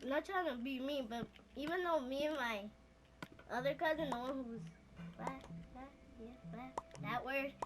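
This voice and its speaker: A woman's voice: sits high, moderate pace, noisy background. A young woman chiming in to a shared story in casual chat, laughing along.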